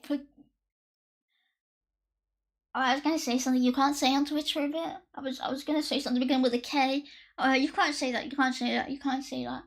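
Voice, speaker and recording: A woman's voice: high-pitched, steady tone, fast, pauses often. A woman streamer chatting with live viewers, joking, sarcastic and swearing freely, her voice slightly worn. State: voice slightly worn from past strain. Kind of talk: casual chat with live viewers.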